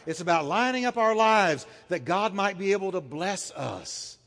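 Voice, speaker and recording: A man's voice: high-pitched, animated, moderate pace, fairly bright tone, big-room sound. A man preaching a sermon as pastor. He talks emphatically, repeats his phrases and has the congregation say lines back to him.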